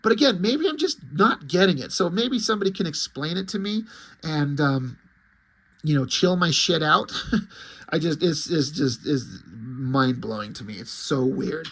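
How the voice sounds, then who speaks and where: A man's voice: a little high, expressive, moderate pace, fairly bright tone, breathy edge. A man reviewing a comic in a casual vlog, ranting in disbelief and swearing freely. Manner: incredulous, profane ranting.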